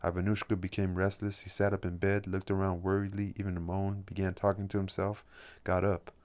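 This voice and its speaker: A man reading a novel aloud in a plain, unhurried way, then musing about the chapter. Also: low voice, completely flat delivery, darkish tone. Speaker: audiobook reader.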